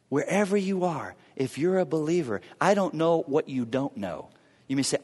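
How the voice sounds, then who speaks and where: A male pastor preaching a sermon, swinging between booming emphasis and hushed, quiet lows. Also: sing-song, a little slow, big-room sound.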